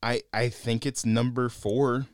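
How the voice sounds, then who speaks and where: A man co-hosting a casual podcast film review, animated and laughing often as he acts out lines he quotes. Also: mid-range voice, unhurried, no room sound, studio quality.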